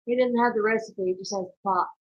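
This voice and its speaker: A woman's voice: mid-range voice, steady tone, quick pace. A woman with a Southern accent reading viewer comments aloud and teasing her husband on a casual livestream. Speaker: co-host. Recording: muffled lo-fi stream audio.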